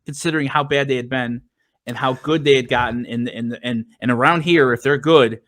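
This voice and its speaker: A man, hosting a podcast, talking in an animated, emphatic and teasing way. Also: mid-range voice, brisk, dry recording. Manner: animated, ribbing, emphatic talker. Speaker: podcast host. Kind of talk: casual chat.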